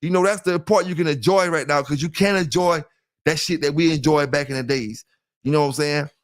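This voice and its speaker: A middle-aged livestream host from South Carolina, with a Southern US accent, talks loosely to his viewers in a slightly high voice at a fairly quick pace. He greets chat members and keeps saying "you know what I'm saying."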